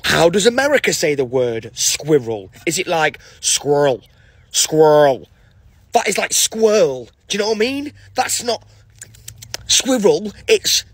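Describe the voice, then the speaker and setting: Playful British man, lively voice. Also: on the high side, breathy edge, no echo. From Britain. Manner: playful, mock-exasperated. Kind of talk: casual talk to camera.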